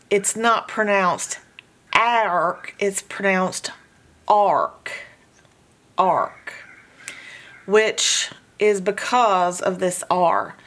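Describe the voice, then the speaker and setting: A woman's voice: fairly low pitch, fairly bright tone. A woman teaching a phonics lesson, patiently sounding out letters and words in repeated drills. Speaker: homeschool reading teacher.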